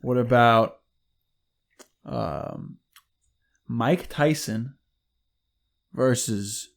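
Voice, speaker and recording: A man's voice: medium pitch, fairly quick, gravelly. A man co-hosting a podcast, trading laid-back, slangy banter with a friend. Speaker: podcast co-host. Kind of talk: casual chat.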